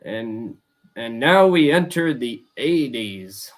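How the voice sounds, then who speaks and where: Young man hosting, halting and repetitive. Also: mid-range voice, lively intonation. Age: young adult. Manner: halting, many restarts and repeated words. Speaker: host. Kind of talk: casual roundtable chat.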